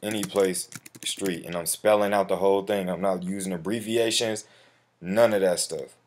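Very deep-voiced man, slangy tutorial. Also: fairly even intonation, moderate pace. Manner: slangy, addresses viewer as bro; profane when flustered. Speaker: tutorial host. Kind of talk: casual screen-recorded walkthrough. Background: keyboard typing and mouse clicks.

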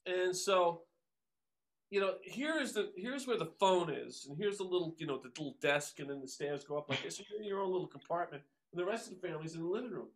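A man's voice: sits high, fast talker. A man from the New York area, a guest musician, telling stories casually with lots of fillers and acted-out quotes. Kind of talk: casual storytelling.

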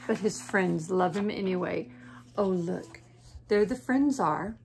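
A teacher reading a picture book aloud to children, gentle and soothing with whispery asides. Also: female voice, mid-range voice, takes it slowly, gravelly.

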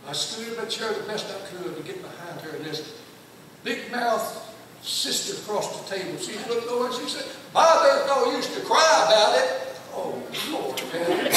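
Folksy older preacher in an echoey hall. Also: male voice, high voice, noisy background. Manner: folksy, emphatic storytelling. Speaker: guest preacher. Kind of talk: storytelling sermon. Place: church sanctuary. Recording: echoey church hall from far off.

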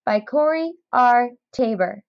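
Slow, expressive woman reading a storybook. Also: on the high side, no room sound, highs cut off. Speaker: narrator. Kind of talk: storybook read-aloud.

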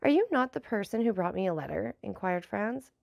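A woman narrating a classic novel aloud, measured and lightly voicing the dialogue. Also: medium pitch, lively intonation, vocal fry, darkish tone, dry recording, clean studio sound. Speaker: audiobook narrator.

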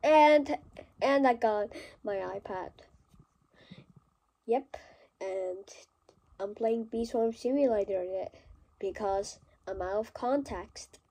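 A woman's voice: medium pitch, slow, vocal fry, pauses often, mellow. A woman giving rambling, self-mocking commentary while playing a game at a small desk at home. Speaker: gameplay vlogger. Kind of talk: casual gameplay commentary.

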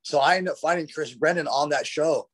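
A man's voice: on the high side, brisk, fairly bright tone. A man as a podcast guest, telling stories in a rambling, profane way, full of "bro" and "dude". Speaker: guest, retired fighter. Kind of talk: casual storytelling. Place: podcast conversation.

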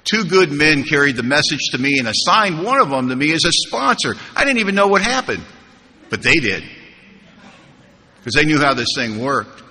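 A man's voice: on the high side, very animated, normal speed, sharp tone. A man speaking at a recovery convention, telling his story with humor and rhetorical questions to the room. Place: large conference hall. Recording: hall reverb, faint room noise.

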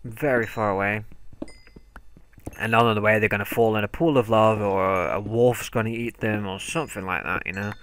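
A man's voice: on the low side, steady tone, moderate pace, a bit bright, a little hiss or hum. A young man giving let's play commentary, talking to himself and yelping when startled. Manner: jumpy, talks to himself, yelps when startled. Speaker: gaming commentator.

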